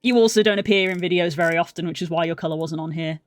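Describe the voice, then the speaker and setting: A woman's voice: lowish voice, quick pace, no room sound. A young woman streaming while editing video, rambling and musing aloud to her chat in a casual way.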